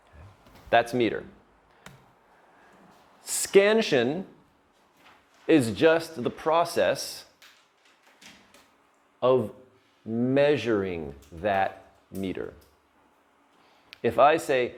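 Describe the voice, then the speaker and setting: A man's voice: mid-range voice, very animated, drawn-out words, long pauses. A male teacher giving a lesson on poetry terms, patiently explaining and checking in with his students.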